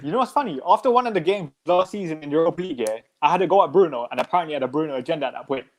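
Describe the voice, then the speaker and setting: A man's voice: a little high, expressive, racing. A man debating football in a casual chat, insistent and argumentative. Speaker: football pundit co-host.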